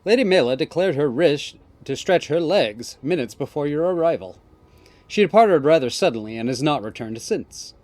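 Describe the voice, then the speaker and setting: A man's voice: fairly high pitch, animated, normal speed, darkish tone, dry recording, natural voice. A man voicing a theatrical young male ninja student who speaks in archaic, flowery phrases. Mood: grandiose. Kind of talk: reading game dialogue aloud.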